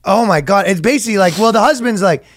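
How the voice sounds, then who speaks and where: A man with a fairly high voice, recorded dry and close, co-hosting a comedy podcast. He riffs loosely and acts out little scenes. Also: dry recording. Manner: riffs with quick acted-out scenarios and laughter. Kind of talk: casual comedic banter.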